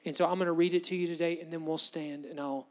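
A man preaches with passion, his voice pitched a little high. He swells loud for emphasis and then drops low. The sound carries a long reverb, as in a large hall. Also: fairly even intonation, fast. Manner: impassioned, rises and drops in volume for emphasis. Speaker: pastor. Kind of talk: sermon.

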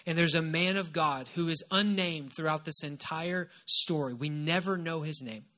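A man's voice: a little high, normal speed, pushed and bright. A man preaching a sermon, retelling a Bible story with emphatic repetition. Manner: emphatic and repetitive, stressing key phrases.

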